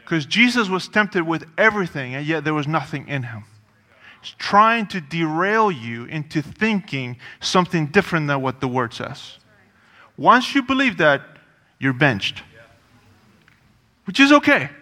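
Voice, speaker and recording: A man delivering a sermon with a bright, forceful voice sitting a little high for a man. He talks conversationally but with punch, repeating phrases and tossing in casual asides. His voice carries a long reverb, as if in a large hall. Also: big pitch swings, moderate pace. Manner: conversational and emphatic, with frequent asides and repetition. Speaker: preacher.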